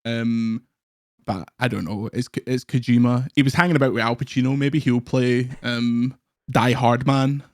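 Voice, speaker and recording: A young British man talks loosely and rambles, laughing between thoughts. His pitch sits in the middle range. The sound is dry and close. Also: steady tone, moderate pace, dry recording. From Britain. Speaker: guest co-host. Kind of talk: casual chat.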